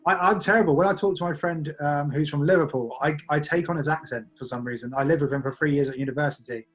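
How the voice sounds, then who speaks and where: A man's voice: on the high side, fast talker. A young man in his twenties, a magician guest on a podcast, chatting casually with lots of "like" fillers. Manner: rambling, many "like" fillers, laughs easily.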